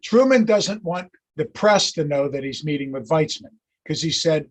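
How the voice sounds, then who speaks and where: A man giving a history lecture as a lively, chatty storyteller. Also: fairly high pitch, normal speed, few pauses. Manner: animated, chatty storyteller who laughs at his anecdotes.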